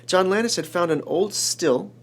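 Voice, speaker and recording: A man in his forties from Chicago, a screenwriter telling an emotional story in an interview, animated and rambling with many restarts. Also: sits high, normal speed, crowd noise. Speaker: screenwriter guest.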